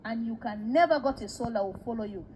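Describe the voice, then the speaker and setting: A woman preacher recounting a spiritual vision in a sermon. She tells it as animated storytelling, acting out the dialogue and repeating words for emphasis. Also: a little high, fast, slight background noise, rough recording.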